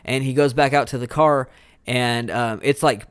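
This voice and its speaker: A man's voice: mid-range voice, steady tone, normal speed, smooth, no echo, studio quality. Rambling man recapping a horror film. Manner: rambling, acts out scenes with quoted voices. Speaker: podcast co-host. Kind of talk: casual movie review chat.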